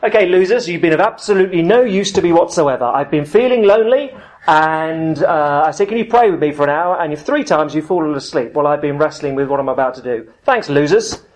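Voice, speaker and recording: A man's voice: fairly high pitch, lively intonation, fairly quick, hardly any pauses, lightly acted. A man preaching who voices Jesus in a blunt, chummy paraphrase full of slang, exasperated yet loving toward his disciples. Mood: mock exasperation.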